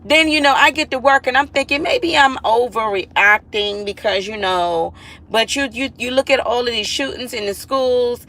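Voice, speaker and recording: A woman's voice: on the high side, steady tone, moderate pace, bright, forceful tone, poor audio. A mother talking to viewers in a casual vlog monologue, earnest and emphatic, repeating herself and pleading with listeners.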